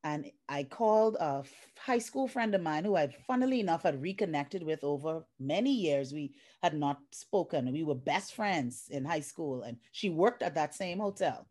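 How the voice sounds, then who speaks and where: A woman from the Bahamas with a very low, deep voice, recounting her life story on a video call. She tells it with emotion and acts out the voices of the people in her story, speaking as a middle-aged life coach. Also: moderate pace, few pauses. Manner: emotional, animated retelling with acted-out quotes. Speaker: life coach, featured guest. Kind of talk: personal storytelling in an interview.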